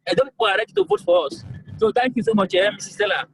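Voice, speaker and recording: A man's voice: high-pitched, big pitch swings, racing, husky, no echo, poor audio. A young man with a Nigerian accent, a governorship aspirant answering voters in a call-in interview, talking emphatically and repeating himself to press his points. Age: young adult. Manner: emphatic, repetitive, pleading.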